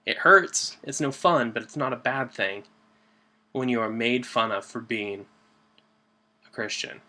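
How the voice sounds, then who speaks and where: A man giving a church devotional in an earnest, conversational way, with fillers and restarts, slowing down to stress key words. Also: medium pitch, pushed and bright. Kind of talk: informal devotional talk.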